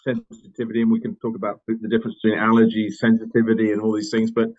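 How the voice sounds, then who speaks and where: A man's voice: on the low side, monotone, very fast, a little mellow. British man, fillers, muffled sound. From United Kingdom. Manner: thoughtful, many fillers and restarts. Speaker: company co-founder, guest. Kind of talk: conversational interview.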